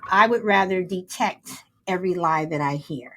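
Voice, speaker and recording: A woman hosting a casual live show, talking haltingly with many fillers and repeated words. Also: fairly low pitch, a bit bright. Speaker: host. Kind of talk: casual live-stream chat, reading viewer comments.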